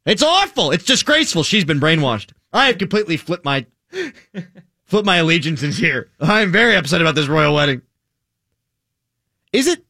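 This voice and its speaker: An American man hosts a casual chat in a high, very lively voice. His tone is bright and forceful, and he argues in an animated, opinionated way. The recording is dry and close. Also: moderate pace, pauses often, no room sound. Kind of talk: casual talk-show chat.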